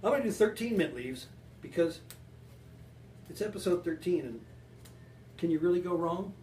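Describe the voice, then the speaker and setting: A man hosts a home cocktail show, joking and rambling as he mixes a drink and chats with his viewers. His voice sits high for a man. He sounds set back from the mic in a roomy, echoing space with a faint hiss behind him. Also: expressive, moderate pace, dark tone. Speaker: home bartending show host. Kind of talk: joking casual cocktail demo. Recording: echoey room, distant mic.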